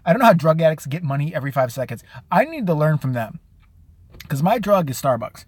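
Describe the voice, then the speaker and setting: A sarcastic man rants casually on a live stream, swearing freely and slipping into high mocking voices when he imitates people. His voice sits a little high for a man. The sound is dry and close, with no room echo. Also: very animated, fairly quick, breathy edge. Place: out and about, at a store.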